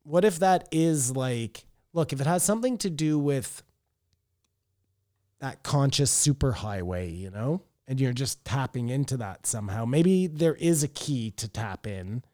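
A man's voice: mid-range voice, expressive, measured pace, mellow, dry recording, studio quality. A man co-hosting a podcast, chatting casually and rambling, often trailing off mid-thought. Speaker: podcast co-host. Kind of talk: casual chat.

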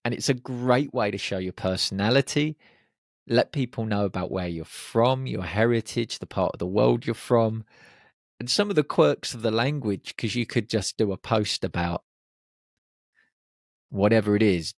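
A podcast host delivers a motivational monologue on confidence, upbeat and encouraging, with jokey asides thrown in. His voice sits fairly low and sounds animated, moving at a normal speed. The recording is dry, with clean studio sound.

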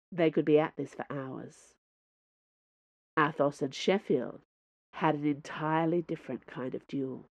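Audiobook narrator: woman, low voice, measured and expressive, dry booth sound. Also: dry recording. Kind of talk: scripted narration.

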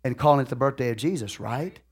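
A male pastor, preaching live to a congregation in a folksy, conversational way that often checks in with the room. He tells stories animatedly, swinging between loud outbursts and quieter asides. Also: mid-range voice, fast, breathy edge. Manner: animated storytelling with big swings in loudness and sudden outbursts.

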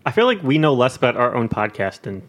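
A man's voice: mid-range voice, big pitch swings, fast, a bit bright. A young man co-hosting a podcast, telling stories animatedly, swearing freely and acting out scenes. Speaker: podcast co-host. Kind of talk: casual podcast banter.

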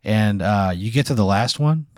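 A man's voice: lowish voice, animated, normal speed, a little mellow, no echo, clean studio sound. A man hosting a casual podcast, telling a long, rambling hypothetical full of "like" and casual swearing. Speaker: podcast host. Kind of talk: casual storytelling chat.

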